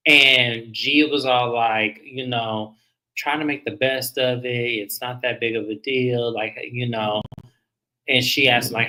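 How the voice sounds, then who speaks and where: A man casually recapping a reality TV episode, animated and profane, acting out the cast's lines. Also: mid-range voice, poor audio. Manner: animated, profane, laughs, acts out cast lines. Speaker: podcast co-host.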